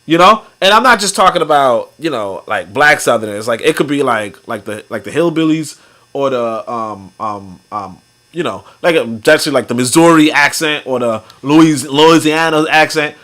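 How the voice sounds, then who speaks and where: A man's voice: medium pitch, animated, normal speed, bright, forceful tone. A man hosting a podcast, talking in loose, rambling commentary, with heavy use of fillers and some swearing. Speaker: podcast host. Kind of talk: casual commentary.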